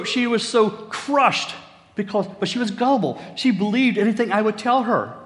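A middle-aged male pastor preaches in a folksy, joking manner. His voice sits fairly high for a man. A long reverb trails behind him as in a church hall. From West Virginia, USA. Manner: folksy, storytelling, jokey asides. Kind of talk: sermon.

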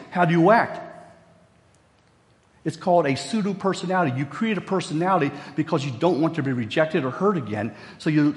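A man's voice: on the high side, in a large hall. A middle-aged man from Virginia, preaching a sermon in a folksy storytelling way with jokey asides. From West Virginia, USA. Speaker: pastor.

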